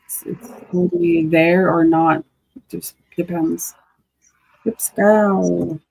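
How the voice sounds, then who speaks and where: Slow-spoken woman drilling syllables. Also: fairly low pitch, steady tone, gravelly, a little mellow, slightly rough, poor audio. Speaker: language teacher. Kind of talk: language lesson, casual.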